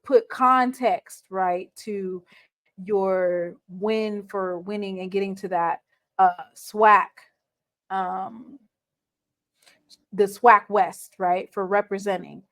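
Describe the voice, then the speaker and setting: A woman's voice: mid-range voice, steady tone, slow pace, a bit bright. A woman hosting a sports talk show, laying out a team's record and pressing a guest with pointed questions. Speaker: host.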